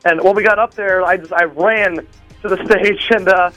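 Excited high-voiced man on the phone. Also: normal speed, soft background music, rough recording. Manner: rambling, with many fillers and restarts. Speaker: drummer interviewed as a guest. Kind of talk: excited phone interview chat. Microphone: phone line.

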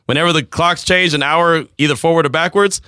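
A man's voice: fairly high pitch, steady tone, fairly quick, bright, forceful tone, clean tone, dry recording, clean studio sound. A man in his forties hosting a sports radio show, talking in teasing banter and laughing often. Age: 40s. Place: radio studio.

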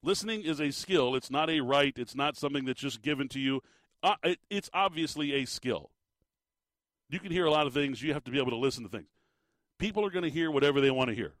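A middle-aged man, giving an animated, exasperated opinion monologue as a commentator, full of restarts. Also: medium pitch, quick pace, no room sound, clean studio sound.

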